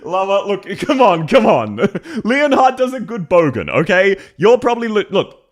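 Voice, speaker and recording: A man's voice: sits high, big pitch swings, normal speed. A young man with a Canberra Australian accent, casually chatting on a live stream, laughing and swearing often.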